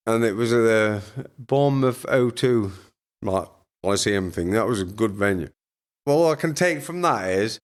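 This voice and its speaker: A man with a fairly low voice, talking casually as a guest on a podcast. He tells crude, comic tales and keeps breaking into laughter as he goes. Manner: chatty, crude, laughs through his stories. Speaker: podcast guest, former pro boxer. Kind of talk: casual storytelling chat.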